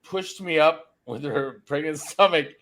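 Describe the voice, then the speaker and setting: Middle-aged male podcast host, casual and rambling, stops and restarts often, a bit high-pitched. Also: a little slow, a bit bright. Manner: rambling, self-interrupting storyteller. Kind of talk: casual chat.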